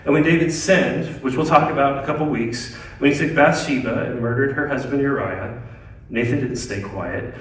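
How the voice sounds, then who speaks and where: A man preaching a sermon as pastor, swinging between loud emphatic lines and hushed ones. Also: medium pitch, normal speed. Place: church sanctuary. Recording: very echoey church hall, mic at a distance.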